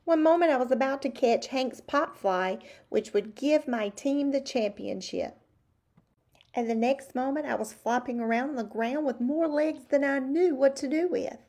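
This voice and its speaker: A boastful young frog prince tells his side of the tale in a chatty, confiding way, as a woman reads him aloud from a picture book. The voice sits a little high. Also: moderate pace, darkish tone.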